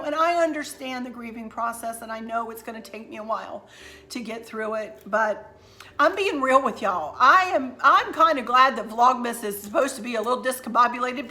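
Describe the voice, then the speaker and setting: A woman's voice: on the high side, pushed and bright. A middle-aged woman, talking casually and rambling to her viewers at home. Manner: chatty, rambling, addresses viewers as y'all. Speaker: vlogger. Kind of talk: casual chat.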